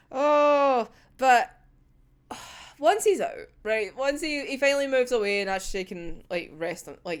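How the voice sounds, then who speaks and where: A young woman reacting to a manga chapter in casual chat, swearing freely and laughing often. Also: sits high. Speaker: manga reviewer.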